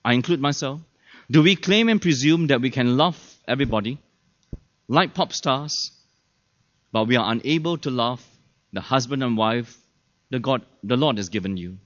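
A man's voice: mid-range voice, moderate pace, pauses often, fairly bright tone. A man preaching a sermon as pastor, chatty and full of rhetorical questions to the audience, often acting out the people he quotes. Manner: acts out quoted people in shifted voices. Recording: dull lo-fi sermon recording.

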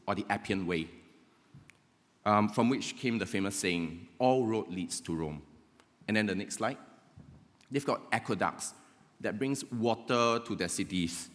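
A man preaching a sermon in a conversational way, often checking in with "right?". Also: on the low side. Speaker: pastor. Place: church hall. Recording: long reverb of a church hall.

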